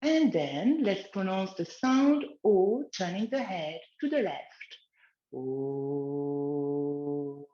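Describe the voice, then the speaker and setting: Slow, gentle woman guiding a relaxation exercise. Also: medium pitch, big pitch swings, roomy sound, lo-fi sound, soft background music. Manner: slow, gentle guiding of breathing and neck movements. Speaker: wellness instructor. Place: outdoors in the countryside, chickens nearby.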